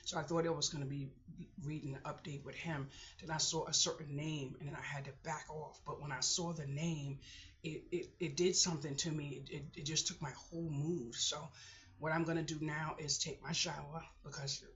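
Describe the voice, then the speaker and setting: A middle-aged woman keeping a personal video diary, talking to herself in a halting voice that often sinks to a whisper while she holds back tears. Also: sits low, steady tone, fairly bright tone, muffled recording. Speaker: vlogger.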